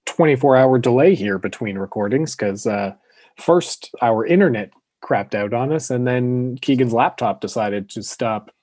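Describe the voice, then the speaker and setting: A man's voice: mid-range voice, animated, unhurried, darkish tone, no echo. A man co-hosting a casual hockey podcast, rambling with lots of fillers and restarts. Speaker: podcast co-host.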